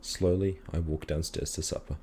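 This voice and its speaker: A man calmly reading a children's story aloud in a measured storytelling manner. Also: a bass voice, slight background noise. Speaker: reader.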